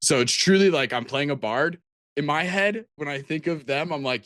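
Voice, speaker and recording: A man's voice: mid-range voice, lively intonation, fairly quick, a bit bright, dry recording, studio quality. A man co-hosting a podcast, chatting casually about tabletop games in a rambling way with many restarts. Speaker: podcast co-host.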